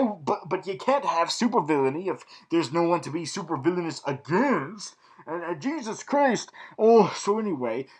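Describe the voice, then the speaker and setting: A man rambling through a casual TV recap in a supervillain persona, excitable and cursing often, with many stammers and restarts. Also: on the high side, low-quality recording.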